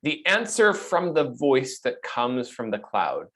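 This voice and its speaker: Lively, emphatic male preacher. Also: medium pitch. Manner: emphatic, repeats key phrases with rising stress; reads scripture quotes slowly with added inflection. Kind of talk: expository sermon.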